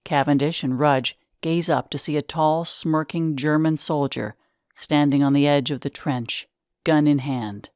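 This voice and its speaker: A woman narrating the stage directions of a script reading in a measured way. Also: sits low, fairly even intonation, a little mellow, clean tone, no echo, studio quality.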